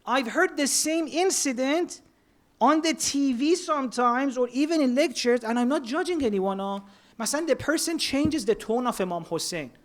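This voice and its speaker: A man's voice: very high-pitched, lively intonation, normal speed. Earnest man preaching. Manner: earnest, mixes Persian words into English. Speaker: speaker at a religious centre. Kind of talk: sermon.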